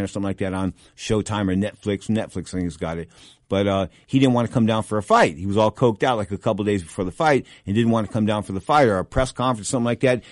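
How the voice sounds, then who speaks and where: Middle-aged guy hosting a boxing show, kinda low voice, rambling stories, dry close mic. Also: no echo. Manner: rambling, with frequent restarts and asides; animated, jumping up in pitch for emphasis. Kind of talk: casual anecdotal storytelling.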